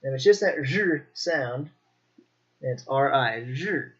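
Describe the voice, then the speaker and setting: A man teaching Mandarin pronunciation in a slow, demonstrative way, repeating each sound. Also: mid-range voice, expressive, lo-fi sound. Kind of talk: pronunciation lesson.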